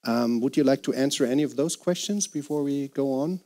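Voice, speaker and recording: A man's voice: mid-range voice, brisk, warm tone. Chatty German man moderating. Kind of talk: moderated group discussion.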